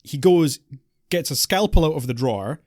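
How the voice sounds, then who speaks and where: A man co-hosting a podcast, casually reviewing a film in an animated, exasperated rant. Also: on the high side, moderate pace, no echo, clean studio sound. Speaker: podcast co-host.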